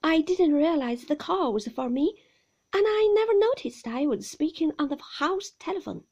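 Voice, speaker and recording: A woman's voice: high voice, sing-song, measured pace, dark tone, pitched above the performer's own voice. A woman voicing a timid young bride who stammers and hurries her apologies in a storybook reading. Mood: flustered.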